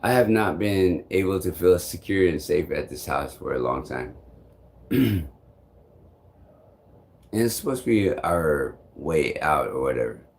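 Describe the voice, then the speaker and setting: A man's voice: very deep voice, lively intonation, measured pace, gravelly, pauses often, a little mellow. A man vlogging, telling a long frustrated story in a rambling, profane way. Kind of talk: casual storytelling to camera.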